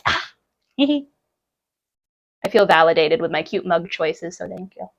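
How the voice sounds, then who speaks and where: A woman's voice: on the low side, animated, takes it slowly, pauses often. A young woman chatting casually with her stream from home while she cooks and eats brunch, bubbly and laughing often. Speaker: live streamer.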